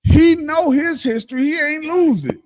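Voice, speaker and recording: A man with a Detroit accent telling stories and preaching in a casual, animated way during a livestreamed class, acting out what people said. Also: very high-pitched, moderate pace, in a large hall. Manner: animated, acts out quoted exchanges, laughs often. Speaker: speaker in a livestreamed religious class.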